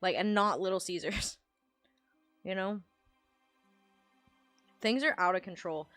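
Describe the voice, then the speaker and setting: A woman's voice: medium pitch, slow, long pauses, fairly bright tone, no echo, faint music behind. A woman streamer in casual livestream chat, ranting and rambling with lots of swearing.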